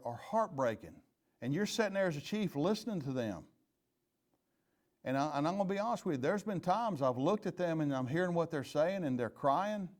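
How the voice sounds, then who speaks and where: A middle-aged man speaks in a slightly raised register, teaching leadership as a retired police chief. He tells his stories earnestly and candidly, in plain folksy words. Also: fairly high pitch. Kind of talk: leadership training talk.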